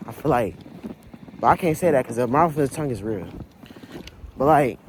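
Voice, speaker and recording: A young man vlogging on his phone through a snowstorm and in his car, talking straight to his viewers in a profane, excitable way. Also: mid-range voice, a little fast, pauses often. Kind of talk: casual vlog talk to viewers. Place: outdoors and in a car during a snowstorm. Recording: noisy storm and car sound.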